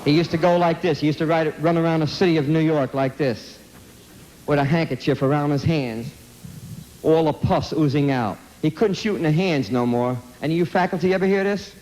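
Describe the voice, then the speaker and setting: A man's voice: a little high, fairly quick, a little mellow, low-quality recording. A man giving an emphatic, blunt anti-drug talk to a school audience, repeating himself and firing direct questions at the listeners. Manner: streetwise blunt phrasing. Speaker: speaker addressing students.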